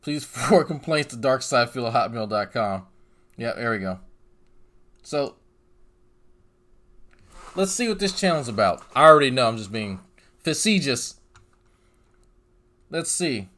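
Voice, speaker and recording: A man's voice: medium pitch, animated, a little slow, long pauses, fairly bright tone. A man narrating a commentary video in a sarcastic, mocking tone. He repeats words over and over for effect and drops profanity in his asides. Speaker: commentary YouTuber.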